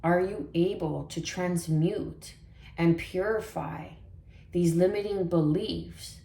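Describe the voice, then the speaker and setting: Low, mellow-voiced tarot reader woman. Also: steady tone, slow pace, vocal fry, reverberant. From Canada. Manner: soft, meandering, with many fillers and affirmations. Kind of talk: spiritual tarot reading.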